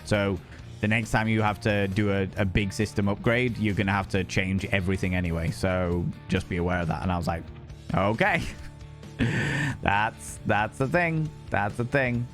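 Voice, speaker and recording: A man's voice: on the low side, moderate pace, faint music behind. A young man with a Northern English Hull accent, chatting casually with his live chat as a streamer, joking and swearing freely. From England. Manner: swears freely, jokey, slips into other accents.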